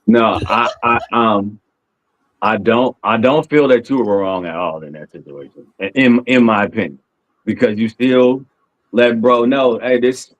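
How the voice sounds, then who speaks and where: A man's voice: lowish voice, unhurried, lo-fi sound. A man on a podcast in casual chat, interjecting and giving his opinion in an agreeable way. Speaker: podcast co-host or guest.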